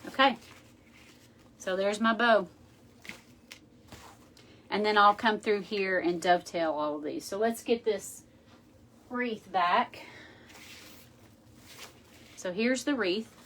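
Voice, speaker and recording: A woman's voice: medium pitch, slow, pauses often, a bit bright. Chatty woman teaching crafts. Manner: chatty, thinking aloud while working. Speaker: craft tutorial host. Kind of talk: casual how-to demonstration.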